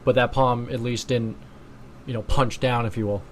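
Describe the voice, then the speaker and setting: A man's voice: mid-range voice, fairly even intonation, moderate pace. A man with a mid-range voice co-hosts a casual podcast. He makes dry, playful quips and drops in short interjections. Faint noise sits behind him. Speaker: podcast co-host. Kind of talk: casual chat.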